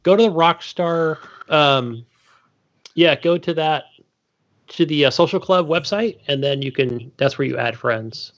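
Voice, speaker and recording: A man's voice: on the high side, a little slow, fairly bright tone, highs cut off. Laid-back man co-hosting a podcast. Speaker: podcast co-host. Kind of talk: casual chat.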